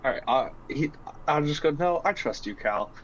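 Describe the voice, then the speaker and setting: A man's voice: fairly high pitch, lively intonation, normal speed, a bit bright, dull audio, a little hiss or hum. Joking man playing a tabletop game. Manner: joking, rambling. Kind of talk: casual in-character game talk.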